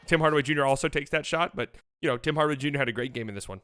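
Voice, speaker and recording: A man hosting a basketball channel, breaking down game highlights with playful, joking asides. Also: rapid-fire, few pauses, a bit bright, clear, resonant tone. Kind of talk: game film breakdown commentary.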